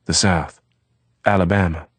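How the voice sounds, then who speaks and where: A man voicing an eager, lonely young American from the South, with a quick, eager delivery. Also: sits low, steady tone, slightly rough, dry recording.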